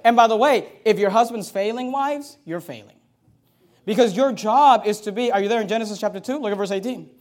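A male pastor preaching a sermon, exhorting his congregation and swinging between loud emphasis and quiet asides. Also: sits high, a little fast.

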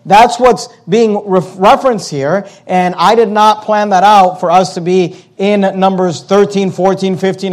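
A man with a notably high voice preaches a sermon at a church service. He speaks with emphasis, slowing down to stress words and repeating his key questions. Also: a little mellow. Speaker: pastor.

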